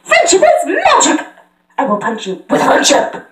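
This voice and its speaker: Woman doing a flustered, excitable cartoon pony. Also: extremely high pitch, a little slow, pitched above the performer's own voice, full character voice. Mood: eager. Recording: roomy echo.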